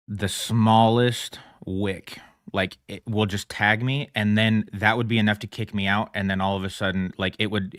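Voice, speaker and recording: A man's voice: deep voice, fairly bright tone, dry recording, clean studio sound. A man chatting casually on a trading livestream, rambling and self-mocking, laughing often as he talks. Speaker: livestream trader.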